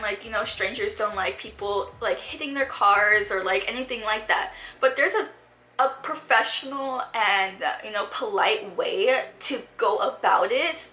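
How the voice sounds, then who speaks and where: A woman's voice: mid-range voice, pushed and bright, reverberant. A young woman vlogger telling a story in a chatty, exasperated way while doing her makeup. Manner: chatty, exasperated, heavy use of fillers. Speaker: beauty vlogger.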